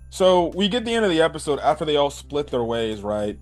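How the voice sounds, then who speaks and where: A young man excitedly recapping an anime episode in a rambling, casual way, full of "bro" and "right?". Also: a little high, brisk, faint music behind. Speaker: anime reviewer.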